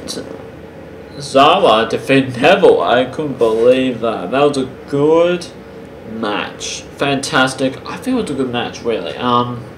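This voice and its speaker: A man casually reviewing a wrestling show for his channel, talking in a halting way with many pauses and restarts. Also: medium pitch, animated. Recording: roomy with faint background hiss.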